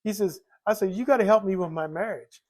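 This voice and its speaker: A man's voice: high voice, quick pace. An older man telling his recovery story in a rambling, candid way, full of "you know" fillers. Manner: rambling, many "you know" fillers, acts out quoted voices. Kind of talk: personal recovery testimony.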